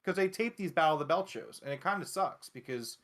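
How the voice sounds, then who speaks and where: A man's voice: a little high, expressive, fast talker, a crowd in the background. Blunt, opinionated podcast co-host man. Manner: blunt, opinionated, reads chat aloud. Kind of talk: casual wrestling podcast chat.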